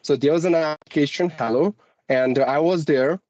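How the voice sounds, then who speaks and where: A man's voice: on the high side, normal speed, darkish tone, no echo, highs cut off. A man from India, an English teacher, speaking with an Indian accent mixed with American and British tones, polite and formal. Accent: Indian English with a mixed American-British lilt. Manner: polite and formal, often says ma'am. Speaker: guest, English teacher on YouTube. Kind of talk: conversational interview.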